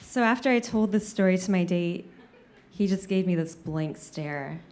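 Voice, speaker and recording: A woman comedian telling a funny personal story on stage, with an animated, self-deprecating delivery. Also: lowish voice, normal speed, a little hiss or hum.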